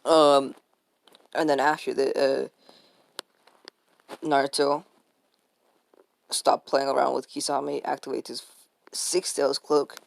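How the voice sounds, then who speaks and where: A man's voice: medium pitch, level tone, slow, creaky, pauses often. A man casually retelling a fan-made story, rambling along with lots of fillers, restarts and swearing.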